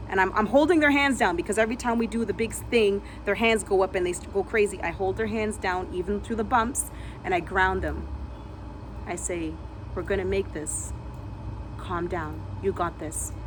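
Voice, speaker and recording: A woman vlogger telling a dramatic personal story vividly, re-enacting sounds and dropping to a hush at tense moments. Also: on the high side, a little hiss or hum.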